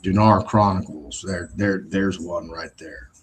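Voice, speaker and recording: A man's voice: low-pitched, steady tone, a little slow, a little hiss or hum. A man hosting his own show, talking in a blunt, profane, scornful casual monologue and laughing between phrases. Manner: laughs between phrases while telling stories. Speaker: show host.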